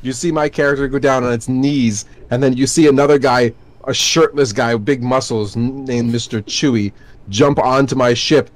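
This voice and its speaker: A man with an average-pitched voice co-hosting a relaxed podcast. He tells stories in a chatty way and laughs easily between his lines. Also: normal speed. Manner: chatty storyteller who laughs often. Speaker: podcast co-host. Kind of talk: casual chat.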